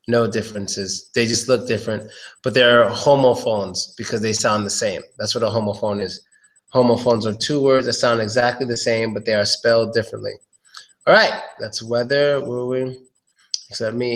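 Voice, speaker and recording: A man giving a casual pronunciation lesson, drilling words slowly and chatting between examples. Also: medium pitch, fairly even intonation. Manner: slow, drawn-out drilling of words, chatty asides. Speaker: pronunciation teacher.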